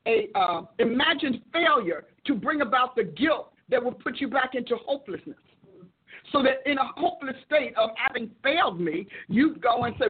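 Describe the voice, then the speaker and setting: Husky woman preacher over a tinny line. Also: high-pitched. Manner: storytelling, acts out quoted dialogue, repeats phrases for emphasis. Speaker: preacher and show host. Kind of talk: testimony-driven teaching talk. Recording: tinny phone-like audio.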